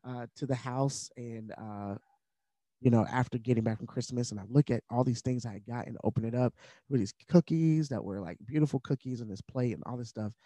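A man's voice: medium pitch, a little fast, warm tone, no room sound. A man, a podcast guest, telling a personal story in an earnest, candid conversational way, with fillers and moments of emotion.

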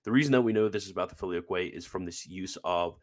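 A man's voice: low voice, quick pace. A man hosting a live stream, explaining quotes in a chatty, filler-heavy manner and joking about his own pronunciation. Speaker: host presenting theology quotes. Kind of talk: livestream commentary.

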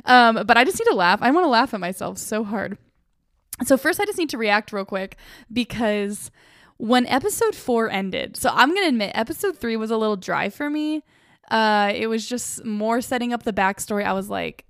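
A young woman hosting a casual solo podcast, excitable and self-mocking, laughing often as she reacts. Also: on the high side, normal speed, no room sound, studio quality. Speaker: podcast host.

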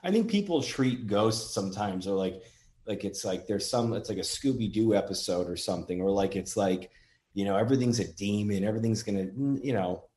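A man casually demonstrating a recording tool, earnest and gently thankful toward spirits. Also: on the low side, fairly quick. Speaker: paranormal app demonstrator.

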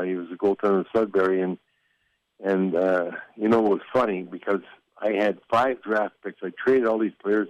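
A man's voice: fairly low pitch, dry recording. An older man, a former hockey executive, telling stories in a rambling way with restarts and chuckles. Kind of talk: casual storytelling interview. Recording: dull lo-fi dry sound.

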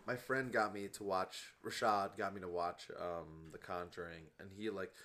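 Young male podcast co-host, animated and laughing, hiccuping through casual chat. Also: low voice, moderate pace, slight background noise. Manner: animated, laughs loudly, says bro and dude. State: has the hiccups.

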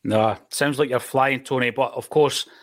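A man's voice: medium pitch, fairly even intonation, normal speed, fairly bright tone. A man hosting a podcast, chatting casually and encouraging his guest with short affirmations. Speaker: host. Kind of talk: casual chat.

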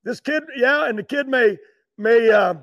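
Older man, high pitched, meandering storyteller who restarts his sentences. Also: measured pace, fairly bright tone, dull audio. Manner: loose, meandering, keeps restarting and clearing his throat. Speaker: guest, racing driver. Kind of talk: rambling storytelling.

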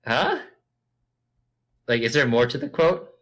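A man's voice: mid-range voice, big pitch swings, a little slow, fairly bright tone. A man co-hosting a casual podcast, joking and laughing often. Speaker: podcast co-host. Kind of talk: casual chat.

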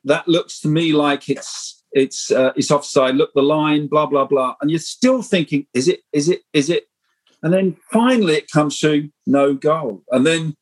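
A middle-aged man telling animated, rambling stories as a guest in a casual podcast interview. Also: a little high, unhurried, poor audio. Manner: animated, rambling anecdotal storytelling. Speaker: guest screenwriter.

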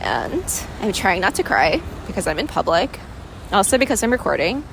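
A woman's voice: medium pitch, very animated, moderate pace, slight background noise. A woman talking candidly and emotionally in a personal vlog, rambling with many fillers, recorded outdoors in a city. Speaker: vlogger.

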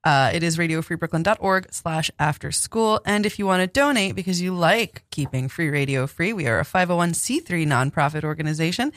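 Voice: mid-range voice, animated, a little fast, hardly any pauses, fairly bright tone, no echo, studio quality. A co-host of a community radio show reading station announcements and teasing the others. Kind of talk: casual radio banter.

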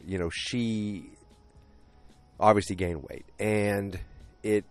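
A man casually recapping a TV episode with a deep voice and rambling, jokey asides. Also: fairly even intonation, slow, no echo, faint music behind.

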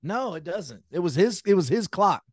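A man co-hosting a casual podcast, telling jokey stories with animated asides. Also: high voice, normal speed, no echo, clean studio sound. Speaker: podcast co-host.

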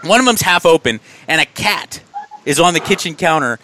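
A man telling a wild personal story in casual chat, animated and laughing as he goes. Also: fairly high pitch, moderate pace, a little hiss or hum. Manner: animated, laughs through his own story.

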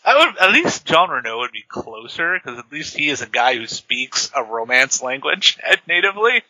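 Very bright-voiced man with wry asides. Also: mid-range voice, big pitch swings, normal speed, no room sound, low-quality recording. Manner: wry, sarcastic asides, laughs often. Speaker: podcast co-host. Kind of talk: casual movie chat.

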